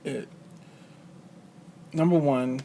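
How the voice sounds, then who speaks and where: A man, a husband and father, talking thoughtfully with frequent pauses and filler sounds. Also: medium pitch, fairly even intonation, vocal fry, dark tone, slight background noise. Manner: measured, thoughtful, many pauses and ums. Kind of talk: casual chat.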